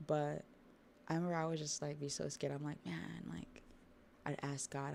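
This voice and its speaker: A woman hosting a livestream, chatting casually about a manga while drawing, with relaxed asides to her viewers. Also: deep voice, normal speed, creaky, slight background noise. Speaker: livestream host.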